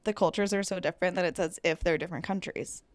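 A woman's voice: fairly low pitch, steady tone, fast, dry recording. A young American woman co-hosting a casual news podcast, chatty and full of "like". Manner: chatty, lots of "like". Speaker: podcast co-host.

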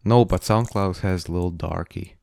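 Young man with a low, stammering voice. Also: a little slow, creaky, a little mellow, no echo. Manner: stammering, restarts a lot. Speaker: podcast co-host. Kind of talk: casual chat.

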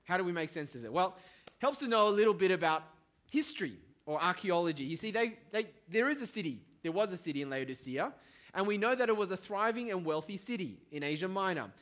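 A middle-aged man preaching a sermon as pastor, in a conversational, lively way with asides to the congregation. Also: high voice, quick pace.

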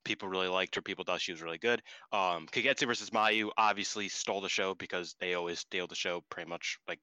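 Bright, rambling male podcast host. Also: low voice, fairly even intonation, quick pace, clear, resonant tone, dry recording, rough recording. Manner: rambling, self-deprecating, lots of "like" and "um". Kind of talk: casual chat.

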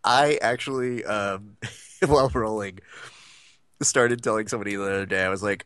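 Man, podcast co-host, rambling casual chat, low voice, dry sound. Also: normal speed, a bit bright, clean tone, no room sound. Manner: rambling, many fillers, laughs often.

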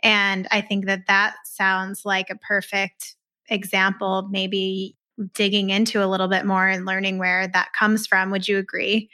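A woman co-hosting an interview podcast, who affirms the guest softly and asks long, open questions. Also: medium pitch, monotone, measured pace. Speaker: podcast co-host.

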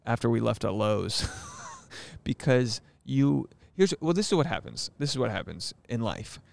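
A man's voice: medium pitch, expressive, a little slow, creaky. A man in his thirties co-hosting a casual couple's podcast, joking around and defending himself with frequent laughs. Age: 30s. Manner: jokey, defensive, laughs often. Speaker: podcast co-host.

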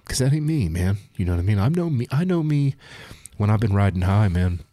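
Confessional guest, male, deep husky voice, emotional, casual slang. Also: sing-song, warm tone, dry recording. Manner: emotional, halting, says "man" and "dude" constantly. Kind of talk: candid confessional conversation.

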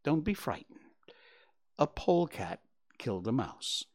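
A man voicing a calm, patient mother deer who answers in short, reassuring replies. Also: mid-range voice, unhurried, voice pushed up.

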